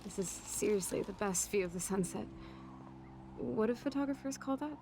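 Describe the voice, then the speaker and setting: A woman's voice: medium pitch, expressive, normal speed, noisy background, natural voice. An actress voicing a blunt, wry young woman in a video game, talking in a frank, sardonic way. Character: blunt, wry young woman, teenage girl's best friend.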